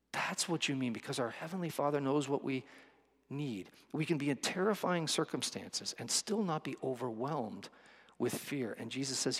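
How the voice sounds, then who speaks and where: A man's voice: medium pitch, expressive, moderate pace, breathy edge, big-room sound. A male pastor preaching a sermon with vivid storytelling, acting out the quotes.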